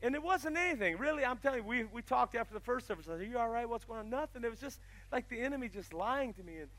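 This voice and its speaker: A man preaching a sermon, telling stories and rising to loud, emphatic passages. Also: very high-pitched, lively intonation, fast. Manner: storytelling, swells loud and emphatic. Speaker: pastor.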